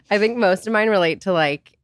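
A young woman guest in a casual podcast chat, chiming in with quick agreement and laughter. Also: mid-range voice, wildly swooping pitch, no room sound, studio quality. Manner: fast-talking, frequent quick agreement and laughter.

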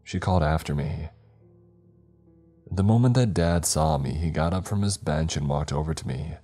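A man narrating a scripted horror story in a steady, measured way. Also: a bass voice, soft background music.

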